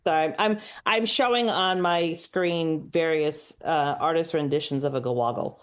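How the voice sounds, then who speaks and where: A woman co-hosting a podcast in casual chat, curious and quick with questions. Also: low voice. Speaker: podcast co-host. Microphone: podcast microphone.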